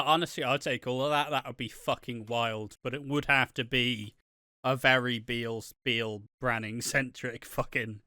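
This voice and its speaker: Man, podcast co-host, mid pitch, smooth tone, casual delivery. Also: no echo, clean studio sound. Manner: relaxed, swears casually, reads aloud at a quick clip. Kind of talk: casual podcast chat, reading out viewer comments.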